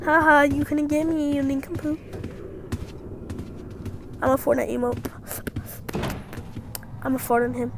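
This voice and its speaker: A woman's voice: high voice, steady tone, unhurried, pauses often, a little hiss or hum, poor audio. A woman giving playful let's-play commentary, singing to herself and bursting into shrieks. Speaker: gamer.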